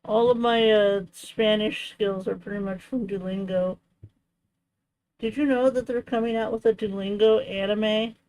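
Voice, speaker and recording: A woman's voice: medium pitch, steady tone, a little slow, darkish tone, poor audio. A young woman hosting a crafting livestream, chatting casually and rambling with lots of "like" and "you know". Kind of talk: casual chat while crafting.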